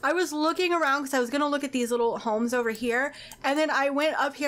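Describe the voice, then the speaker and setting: A woman giving casual gameplay commentary as a YouTuber, gushing and excitable, with frequent gasps and exclamations. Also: high-pitched, fast talker.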